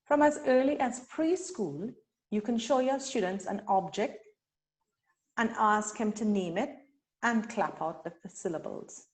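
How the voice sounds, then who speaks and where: A woman from Trinidad and Tobago leading a teacher-training webinar, speaking deliberately and sounding out syllables slowly. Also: medium pitch. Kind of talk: instructional webinar talk.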